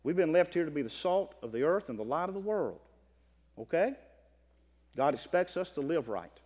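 A man preaching a sermon as pastor, swinging from impassioned near-shouting to calm scripture reading. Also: fairly high pitch, normal speed. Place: church. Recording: long reverb of a church hall.

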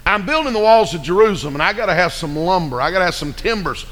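A man's voice: high voice, lively intonation, quick pace, fairly bright tone. A man voicing a short, witty fellow who speaks with coy, folksy politeness during a sermon. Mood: matter-of-fact. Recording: echoey hall reverb.

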